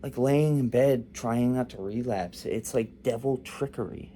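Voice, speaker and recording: A man's voice: medium pitch, measured pace, mellow, slight background noise. A young man vlogging in a loose, rambling, joking monologue.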